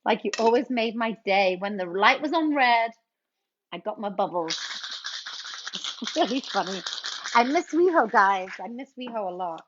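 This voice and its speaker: A woman's voice: a little high, animated, moderate pace, long pauses, noisy background. A middle-aged woman casually chatting and greeting viewers while she mixes cocktails on a livestream. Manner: chatty, playful, reads out viewer names. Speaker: livestream bartender host. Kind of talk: casual livestream chat while mixing drinks. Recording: dull lo-fi stream audio.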